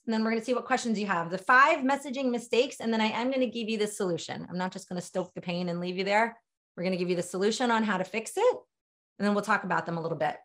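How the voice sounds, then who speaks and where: Middle-aged woman teaching a sales writing webinar, emphatic and chatty, direct, mid pitch. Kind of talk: webinar training talk.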